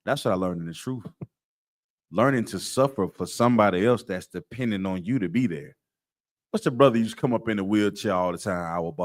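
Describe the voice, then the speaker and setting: A middle-aged man leads a scripture class. He lectures in a preaching style, emphatic and streetwise, and repeats his points for weight. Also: on the low side.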